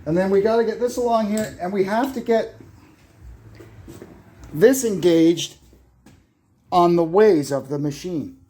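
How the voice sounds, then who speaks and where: A mellow, high-voiced man gives an offhand, step-by-step how-to on repairing a brake lathe while he works in his garage. His narration is halting and full of fillers as he thinks aloud, captured by a phone camera nearby with slight background noise.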